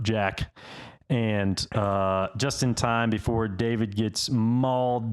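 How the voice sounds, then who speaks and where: A young man narrates a film plot in an easygoing, steady way, moving from one beat to the next. His voice sits a little low for a man. The tone is relaxed and conversational, like chatting with a friend. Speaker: podcast co-host. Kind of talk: casual movie recap chat.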